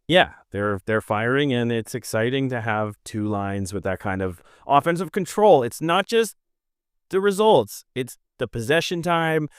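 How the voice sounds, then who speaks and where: Animated man in sports podcast chat. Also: mid-range voice, unhurried, clean tone, no room sound, studio quality. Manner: animated, jokey, talks in long runs. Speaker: podcast co-host.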